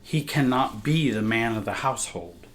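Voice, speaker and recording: A man's voice: mid-range voice, expressive, normal speed, a bit bright. A man, a family coach, reading a painful personal story aloud in a somber, reflective way.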